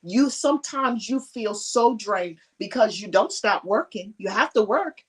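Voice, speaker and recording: A woman's voice: medium pitch, lively intonation, unhurried, husky, far from the mic. A woman speaking on a conference panel, giving earnest and emotional personal testimony and often laughing.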